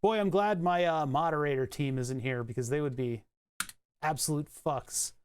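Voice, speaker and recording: Streamer swearing through software trouble. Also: mid-range voice, moderate pace, a little hiss or hum. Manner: thinks aloud, swears, laughs at own frustration. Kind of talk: casual live-stream chat while fixing software.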